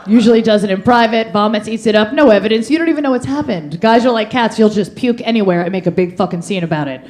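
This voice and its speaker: A woman's voice: on the high side, fast, darkish tone. Woman doing observational standup, playful, acts out dogs n cats. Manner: playful, repetitive bits acting out dogs and cats. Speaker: stand-up comedian. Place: comedy club stage.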